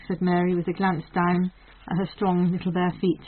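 A woman reading an old storybook aloud in a steady, measured way. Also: on the low side, slightly rough. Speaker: audiobook reader. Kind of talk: storybook narration. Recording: thin phone-like sound.

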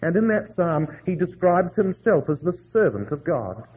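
A man preaching a sermon to a congregation, reading scripture slowly with heavy emphasis. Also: high voice, big pitch swings, breathy edge, phone-quality sound.

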